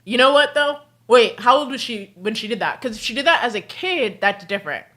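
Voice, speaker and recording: A young woman chats casually on her stream, her bright voice rising and falling in lively swings. She tells stories with lots of laughter breaking into her sentences. Her talk is loose and animated. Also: fairly high pitch, fairly quick. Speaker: livestream host. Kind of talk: casual storytelling chat.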